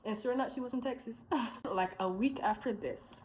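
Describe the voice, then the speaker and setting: A woman's voice: a little high, normal speed, darkish tone, slight background noise, poor audio. A young woman in a casual vlog, telling her faith testimony as a rambling story. She adds asides, corrects herself and acts out what she and others said. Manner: chatty storytelling, acting out her own past dialogue.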